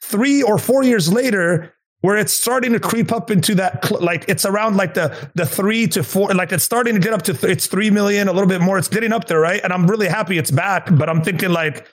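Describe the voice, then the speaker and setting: A man's voice: high-pitched, fairly quick, few pauses. A man talking casually and earnestly, rambling with many fillers and restarts. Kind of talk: casual chat.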